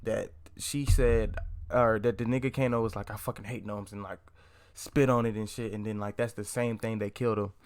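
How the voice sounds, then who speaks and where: A man's voice: lowish voice, steady tone, moderate pace, darkish tone, clean tone. A young man giving a casual, profane movie review, rambling with lots of slang, fillers and restarts.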